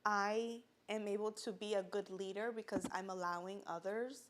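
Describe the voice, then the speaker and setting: A woman's voice: medium pitch, fairly even intonation, normal speed, background noise. Earnest woman sharing a personal testimony. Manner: earnest, filler-heavy, fighting back tears at times. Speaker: podcast speaker sharing her story.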